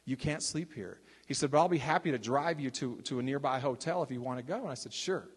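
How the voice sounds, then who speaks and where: An older man from Texas telling his testimony as a ministry leader, in a chatty, animated storytelling manner with frequent restarts and asides. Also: mid-range voice, quick pace, breathy edge, long reverb tail.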